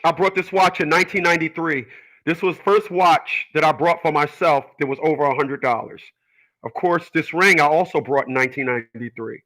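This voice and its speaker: A radio show host delivers a casual, emphatic monologue on his own show, rambling with repetitions and stammered restarts. His voice sits on the high side with a sharp tone, and the audio is poor.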